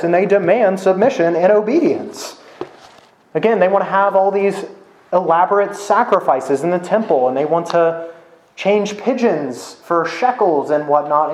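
A male pastor delivers a sermon in a casual, conversational way, often tossing in "right?" to check in with listeners. His voice sits a little high for a man. The sound carries a noticeable room echo. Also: a little mellow. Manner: conversational, with frequent "right?" tag questions. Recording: echoey room.

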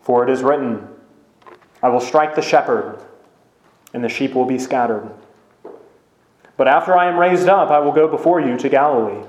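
A man reading aloud the lines of a solemn male teacher, slow and weighty, in a lower voice. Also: darkish tone, close to an everyday voice. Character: solemn grave male teacher foretelling betrayal. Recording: roomy echo.

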